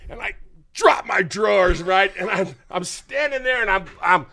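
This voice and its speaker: An older man, hosting a podcast and telling an animated, laughing story. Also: high voice, normal speed, gravelly. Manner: animated, laughing, acts out quotes. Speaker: podcast host. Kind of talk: casual storytelling chat.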